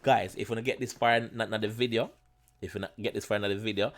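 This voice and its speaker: A man with a Jamaican accent hosting a reaction video, chatting casually in patois-flavored English, animated and often repeating himself. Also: lowish voice, quick pace. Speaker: reaction channel host.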